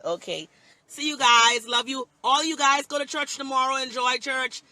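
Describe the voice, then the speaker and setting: High bright-voiced pastor preaching. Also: normal speed. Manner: emphatic, repetitive, dialect-heavy preaching. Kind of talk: impassioned preaching on a phone livestream. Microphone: phone livestream.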